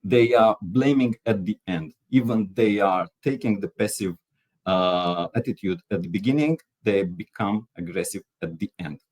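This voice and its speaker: Husky low-voiced man giving a training talk. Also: darkish tone. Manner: explanatory, pauses with fillers. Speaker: workshop speaker.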